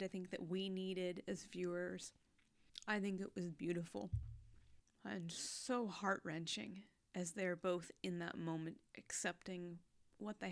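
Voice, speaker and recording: A young woman chatting casually about a series she watched, heartfelt and expressive, moving between hushed and loud. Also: lowish voice. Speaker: anime reaction vlogger. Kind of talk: casual recap chat.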